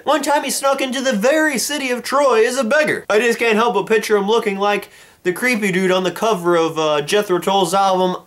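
A man's voice: high voice, fairly bright tone. A man giving a casual book review on his own channel, with playful jokes and asides. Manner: jokey, playful asides and mock dialogue.

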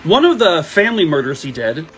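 A man recounts a true crime case in a casual, conversational way, now and then pausing on a filler. His voice sits a little on the high side. Soft music plays underneath him. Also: sing-song.

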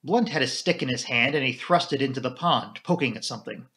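A man narrating a classic mystery novel in a measured storybook reading. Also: medium pitch, fairly bright tone. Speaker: audiobook reader. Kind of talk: scripted narration.

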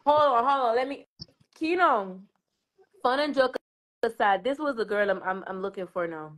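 A woman's voice: a little high, lively intonation, moderate pace, fairly bright tone. A woman with a Jamaican accent hosting a casual live stream, joking and laughing in patois.

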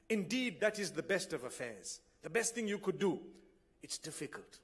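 Male preacher, high voice, earnest, rhetorical questions and loud exclamations, sermon to a gathering. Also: expressive, moderate pace. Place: gathering hall.

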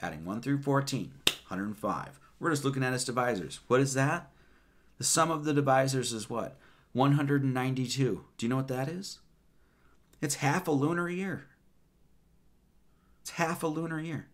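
A man's voice: mid-range voice, moderate pace, pauses often. A man giving a loose, rambling sermon, counting numbers aloud with many fillers and casual asides. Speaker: preacher.

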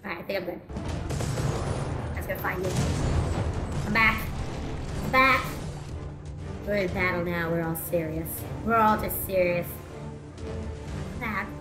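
A young woman hosting a casual gameplay commentary, rambling and excitable, with bursts of shouting and laughter. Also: on the low side, normal speed, pauses often. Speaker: VTuber gameplay host. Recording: roomy echo with game music behind.

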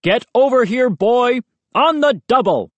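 A woman voicing a big, gruff retired army man who barks commands at a boy. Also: on the high side, expressive, unhurried, dry recording, voice pushed up. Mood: barking. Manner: barking, commanding.

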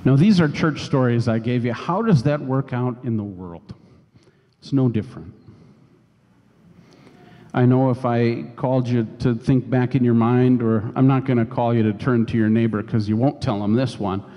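A man's voice: mid-range voice, moderate pace, dark tone, dull audio. A man preaching a sermon as pastor, telling a personal story in a conversational way. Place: church sanctuary. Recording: long church reverb.

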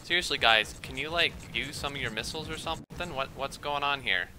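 A young man giving rambling, excitable gameplay commentary at his computer, quick to get worked up. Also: mid-range voice, noisy background. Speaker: let's play gamer.

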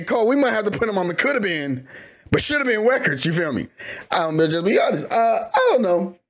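A young man hosting a reaction video, chatting casually in a rambling, slangy way with laughing asides. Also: sits high. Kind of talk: casual chat.

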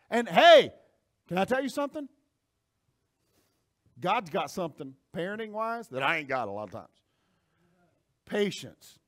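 A man preaching a sermon in a high, lively voice that climbs and drops all over. He moves from near-quiet asides to sudden shouted lines, speaking straight to the congregation. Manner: animated preaching, swings from soft asides to shouting. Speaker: pastor.

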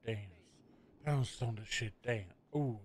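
A man streaming a game role-play as a burger shop worker, chatty and animated in a cheery service tone. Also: medium pitch, takes it slowly.

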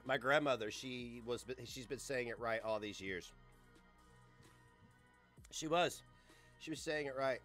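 A man in his forties streaming live, ranting in a crude, mocking, loud way. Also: medium pitch, a little slow, pauses often, faint music behind. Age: 40s.

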